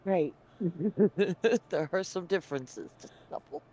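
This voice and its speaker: A man's voice: high voice, lively intonation, takes it slowly, dark tone, slightly rough. A man co-hosting a gaming stream, chatty and laughing often in casual talk. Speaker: co-host who has played the game. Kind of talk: casual gameplay chat.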